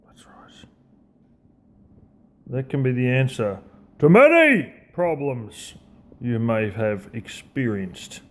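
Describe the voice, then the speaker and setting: A man's voice: mid-range voice, sing-song, slow pace, a bit bright. A man with an Australian accent giving a blunt, profane motivational rant in a casual, conversational way. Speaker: vlogger.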